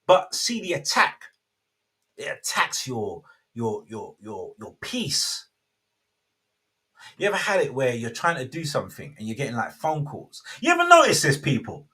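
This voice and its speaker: A man's voice: mid-range voice, very animated, a little slow, bright, forceful tone, slightly rough. A man, hosting a casual faith talk and rambling with many self-interruptions. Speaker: host.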